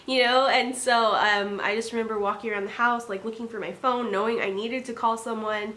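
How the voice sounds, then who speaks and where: Chatty young mom telling a story. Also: female voice, a little high, steady tone, moderate pace, hardly any pauses, fairly bright tone, slight background noise. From Oregon. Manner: earnest, chatty, many fillers and "like". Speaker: stay-at-home mom vlogger. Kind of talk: casual storytelling to camera.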